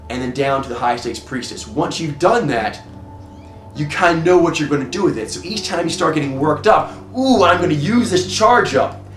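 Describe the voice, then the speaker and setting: A man teaching a personality-type system in a casual, rambling way, often restarting and adding quick asides. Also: medium pitch, fairly bright tone, roomy sound. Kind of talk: casual explanatory talk.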